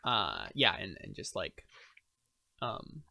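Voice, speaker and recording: A man's voice: low-pitched, huge pitch swings, slow, vocal fry, bright, forceful tone, no room sound. A man narrating a tabletop game as game master, rambling with many fillers.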